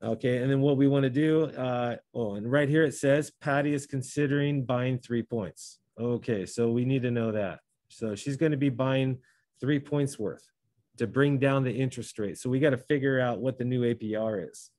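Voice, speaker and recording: A man teaches a class, walking through each step aloud and stopping now and then to correct himself. His voice sits at an ordinary pitch. The sound is dry and close, with little room echo. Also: moderate pace, a little mellow. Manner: talks through steps, self-correcting. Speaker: math teacher. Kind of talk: classroom lesson.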